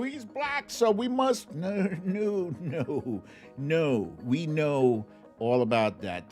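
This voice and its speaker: A man hosting a livestream, chatting casually about politics, laughing often and drawling when he mocks something. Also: fairly low pitch. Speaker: livestream host.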